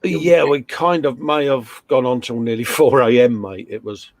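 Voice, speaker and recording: Speaking at a normal speed with a mid-range, fairly even voice and no room sound, this man co-hosts a laid-back live stream about modelling. He reads out comments from viewers with matey, joking banter, addressing everyone as mate or fella.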